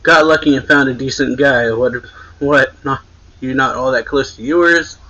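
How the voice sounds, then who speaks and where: A man reading a blunt cocky male vampire. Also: normal speed. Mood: casual. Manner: read aloud a bit louder and higher. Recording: muffled lo-fi recording.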